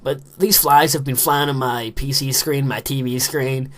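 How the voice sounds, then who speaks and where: A teenage boy from Northern Ireland, with the local accent, hosts a let's play, rambling chattily as he commentates his own gameplay and using many fillers. His voice is medium-pitched, steady, unhurried and fairly bright in tone.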